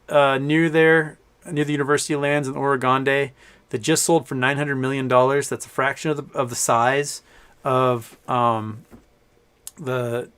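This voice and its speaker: A man with a clean, mid-range voice hosts a casual live stream, rambling, reading the chat aloud, and laughing often.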